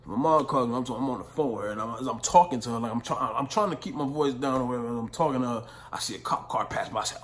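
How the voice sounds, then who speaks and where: A man's voice: medium pitch, animated, fast talker, a bit bright, slight background noise. A young man vlogging, telling a story in casual slang, full of profanity and "you know what I'm saying".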